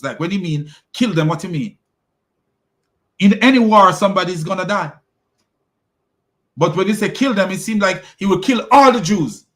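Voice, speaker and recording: A man giving mocking commentary, sarcastic and quick to laugh, with loud exclamations. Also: a little high, expressive.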